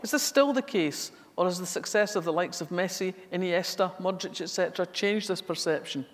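A man with a fairly high voice reads audience questions aloud in a measured tone. He chairs the event from the stage. His words ring with a long hall reverb.

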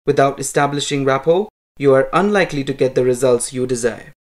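A man's voice: medium pitch, fairly quick. A man with an Indian English accent recounting lesson points in a scripted conversation. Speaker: student discussing lesson.

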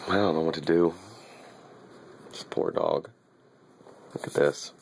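A man's voice: very deep voice, steady tone, slow pace, vocal fry, a little mellow, a little hiss or hum. A man giving a wry, teasing running commentary as he films his little dog, often repeating himself. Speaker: dog owner filming his pet. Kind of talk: casual running commentary to camera.

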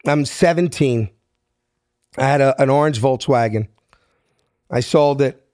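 A middle-aged man from South Philadelphia with a Philadelphia accent, a guest telling brash, animated stories and acting out the dialogue. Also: mid-range voice, unhurried, no room sound, clean studio sound. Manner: acts out dialogue in the stories, street-smart and brash. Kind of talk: animated storytelling.

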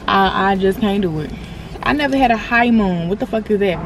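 A woman's voice: mid-range voice, brisk. Blunt young woman vlogging from her car. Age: 20s. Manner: blunt, profane, playful trash talk. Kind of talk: casual vlog chat. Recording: clear car and road noise.

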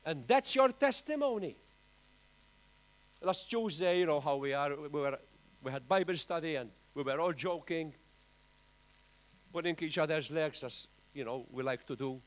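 A man with a Maltese accent preaching a sermon in church, emphatic, with big swings in pitch and loudness. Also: normal speed, pauses often, low-quality recording. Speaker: pastor.

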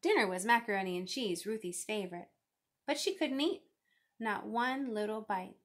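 A woman reading a children's picture book aloud, expressive and lively. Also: medium pitch, moderate pace. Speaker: reader.

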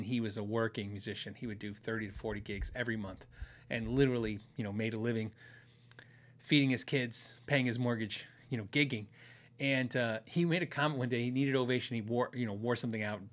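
A man's voice: medium pitch, fairly even intonation, quick pace, fairly bright tone. A man hosting a podcast, telling stories in a rambling, casual way and chuckling often. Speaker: podcast host.

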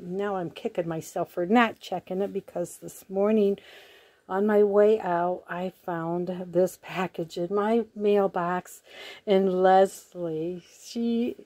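Woman crafting vlogger, twang, unhurried and mellow, gushes and gasps over every little find. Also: mid-range voice, dry recording. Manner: gushing, gasps often with delight. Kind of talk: casual unboxing chat.

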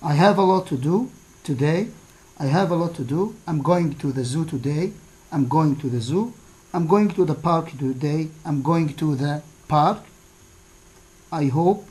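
A woman teaching an English lesson, reading out exercise answers one by one with pauses. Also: sits low, darkish tone, poor audio. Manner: slow, deliberate, pausing after each answer.

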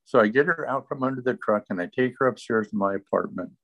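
A man's voice: medium pitch, fast talker, gravelly, dull audio. A man sharing his recovery testimony as an interview guest, telling the story earnestly and in close detail.

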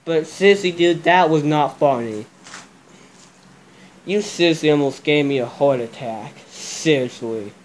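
A man's voice: a little high, measured pace, a little hiss or hum. A young man vlogging, agitated and cursing after a scare, repeating himself a lot. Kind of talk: casual vlog chat.

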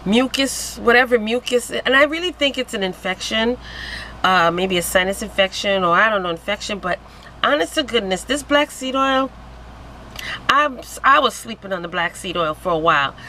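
A woman vlogging to camera in an excited, giddy way, exclaiming and laughing. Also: mid-range voice, normal speed, a little hiss or hum, low-quality recording. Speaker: vlogger selling wellness products. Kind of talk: excited casual vlog to camera.

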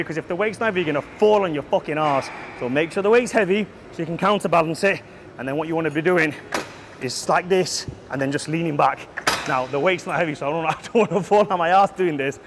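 Brash swearing gym coach. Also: male voice, a little high, fast talker, noisy background. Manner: brash, profane, lecturing. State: out of breath between sets. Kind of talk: blunt gym tutorial with heavy swearing.

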